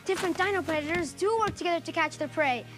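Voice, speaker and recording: A woman voicing a curious young boy scientist in a cartoon, excited and explaining. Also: very high voice, fast talker, over music. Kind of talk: cartoon voice acting.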